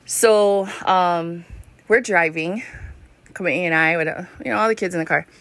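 A fairly low-pitched woman in her thirties with a Hawaiian Pidgin-tinged accent tells a casual story. She rambles, swears freely and laughs often. Her voice sounds dry and close, with no room around it. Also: normal speed, fairly bright tone, no room sound. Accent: Hawaiian Pidgin-tinged English. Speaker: podcast host.

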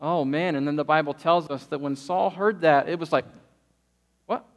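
High-voiced pastor preaching with energy. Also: male voice, fairly quick. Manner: lively storytelling, acts out quotes. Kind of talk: sermon.

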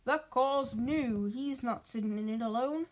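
A woman reading aloud and voicing a blustering, threatening middle-aged uncle who speaks slowly and emphatically. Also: on the high side, close to an everyday voice. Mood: curt.

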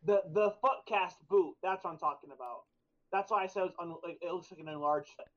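Rambling young man, slightly high voice. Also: fast. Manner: rambling storyteller, many fillers and restarts. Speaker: podcast co-host. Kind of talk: casual chat. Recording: dull lo-fi sound.

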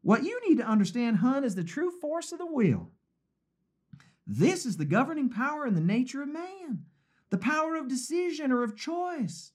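A high, soothing Southern belle , as a male preacher puts her on. She drawls in a Southern US accent and coaxes gently, calling you honey and sugar. Her pitch sits well above a man's, and the melody rises and falls. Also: big pitch swings, normal speed. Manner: drawling, coaxing, calls listener honey and sugar. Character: sweet reassuring Southern belle woman.

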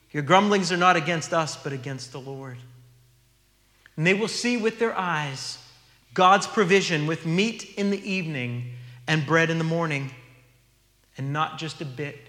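A man's voice: high voice, fairly bright tone, reverberant, big-room sound. A man preaching a sermon as a pastor, earnest and teaching, reading scripture aloud in a church sanctuary.

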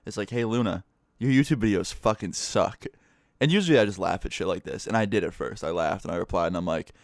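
A young man, a gaming streamer, telling a story in a casual, animated way with lots of swearing. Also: low-pitched, quick pace, no echo, studio quality. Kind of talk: storytime vlog.

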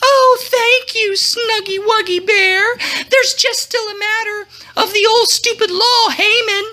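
A man doing a cooing high-voiced queen. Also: steady tone, bright, forceful tone, heavily acted. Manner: high, slow, cooing put-on voice. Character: pleading young queen, sugary and dramatic.

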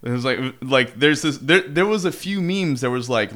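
A man's voice: mid-range voice, animated, normal speed, few pauses, fairly bright tone. A man in casual chat, jokey and rambling, trading playful quips. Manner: jokey, rambling, laughs easily.

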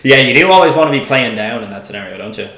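A man's voice: medium pitch, lively intonation, rapid-fire, sharp tone, roomy sound. A man in his twenties from Ireland with an Irish accent, a guest in a casual podcast chat, laid-back and full of "like" fillers and swearing. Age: 20s.

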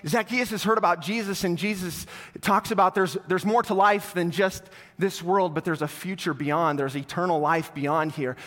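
A male pastor tells a story during a sermon and grows softer and lower as he invites the church to respond. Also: steady tone, moderate pace, few pauses. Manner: storytelling, falls soft and low when inviting. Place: church sanctuary. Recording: long hall reverb.

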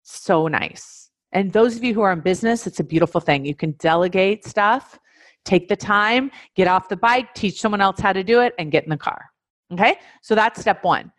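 A woman of medium pitch, speaking at a moderate pace, teaches a webinar as a life coach. The recording is dry and clean, studio-grade. Her instructional talk is emphatic, with repeated key phrases and direct address to the audience.

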